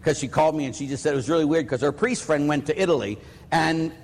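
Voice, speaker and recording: Talking fast in a slightly high, creaky voice, a Pittsburgh priest delivers a storytelling sermon built on plain anecdotes. The recording carries a long hall reverb.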